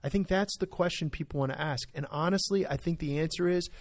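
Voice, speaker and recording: A man's voice: fairly high pitch, quick pace. A man, a pastor, talking through a topic on a church podcast in an earnest, emphatic way, often checking in with "right?". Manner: earnest, emphatic, full of "right?" tag questions. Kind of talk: podcast discussion.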